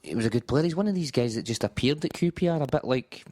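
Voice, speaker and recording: A man's voice: mid-range voice, expressive, fast talker, mellow, no room sound, clean studio sound. Joking male panelist. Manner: joking, chatty. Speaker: podcast panelist. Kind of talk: casual football panel chat.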